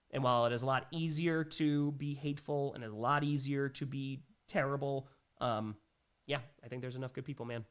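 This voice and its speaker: A man's voice: mid-range voice, a bit bright. A young man hosting a casual livestream Q&A, reading viewer messages aloud and reacting emphatically. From New York. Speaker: livestream host.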